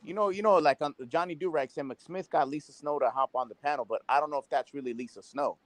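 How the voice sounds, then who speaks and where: A man's voice: on the high side, fast talker, no echo. A man on a casual chat panel, gossiping and swearing. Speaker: podcast panelist.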